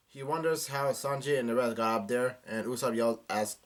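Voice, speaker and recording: Young man, casual manga reaction, halting delivery, fillers, mid-pitched voice. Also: fairly even intonation. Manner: casual, halting, reads dialogue aloud with many restarts and fillers. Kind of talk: live chapter reading and reaction.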